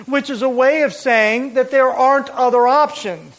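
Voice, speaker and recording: A man preaching a sermon as pastor, explaining a verse with deliberate, emphatic repetition. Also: extremely high pitch, fairly even intonation, fairly bright tone, rough recording.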